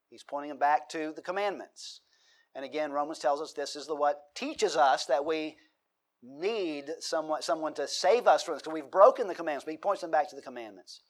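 Middle-aged pastor guy preaching, reads the verses out then quizzes the room, voice sits a bit high. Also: fairly quick. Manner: expository preaching, reading scripture aloud and asking the congregation questions. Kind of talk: sermon.

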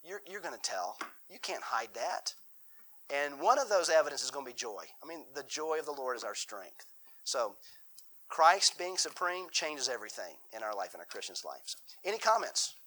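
A man's voice: mid-range voice, sing-song, normal speed, pushed and bright, low-quality recording. A man leading a Bible study in a church room, talking in a folksy, conversational way, often restarting and repeating his words. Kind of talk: conversational sermon with Q&A.

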